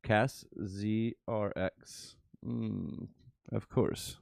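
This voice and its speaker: A crypto trader who runs a channel speaks slowly in a deep, gravelly, darkish voice, casually commenting on his trades as he makes them and muttering to himself. The recording is dry.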